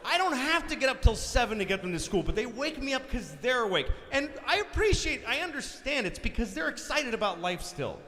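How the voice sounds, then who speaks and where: Crude, animated male stand-up comic. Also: extremely high pitch, a little fast, few pauses, a little hiss or hum. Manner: crude, exasperated storytelling. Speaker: stand-up comedian. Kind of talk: stand-up comedy. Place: large concert hall stage. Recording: live concert hall recording.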